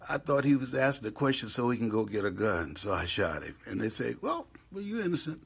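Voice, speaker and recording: A man giving an impassioned live motivational talk from a hotel room, swinging between hushed whispers and loud outbursts. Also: fairly low pitch, brisk, creaky, husky. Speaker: motivational speaker. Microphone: live stream.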